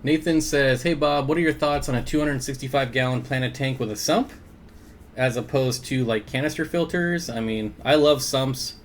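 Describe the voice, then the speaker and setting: A man at a middle pitch hosts a relaxed aquarium livestream from home. He greets viewers by name and reads their comments aloud, chuckling often. A faint hum sits in the background. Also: moderate pace. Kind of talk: casual livestream chat, reading viewer comments.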